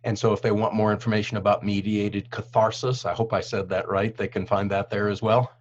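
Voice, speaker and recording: A man hosts an interview with eager enthusiasm, often restarting his sentences. His voice sits a bit low, and the recording sounds dull and lo-fi. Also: little pitch movement, brisk. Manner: enthusiastic, repeats words as he starts. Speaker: interview host. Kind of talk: interview hosting.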